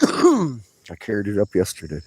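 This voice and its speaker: Man, deep dark voice, profane and agitated, outdoor vlog, faint insects chirping behind. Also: huge pitch swings, a little slow, slight background noise, low-quality recording. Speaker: vlogger. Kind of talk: rambling vlog monologue. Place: outdoors in a yard.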